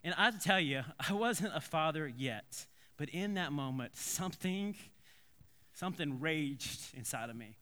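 Male pastor, slightly high and bright, clear voice; chatty storytelling sermon, long church reverb. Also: measured pace. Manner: animated, conversational, with many restarts and asides.

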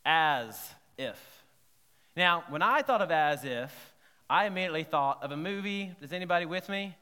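A man delivers a sermon with a bright, slightly high voice. He is lively and chatty, often asking his listeners whether they follow him. His voice rings with the long reverb of a large hall. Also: normal speed, smooth. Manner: lively, conversational, checks in with the congregation. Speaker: pastor. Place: church sanctuary.

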